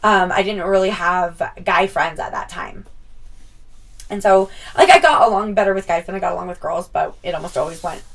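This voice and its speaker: A woman's voice: lowish voice, steady tone, moderate pace, far from the mic. A young woman telling a story to her viewers in a casual, chatty way. She swears freely and acts out what people said. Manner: chatty, swears often, acts out quoted lines. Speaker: vlogger.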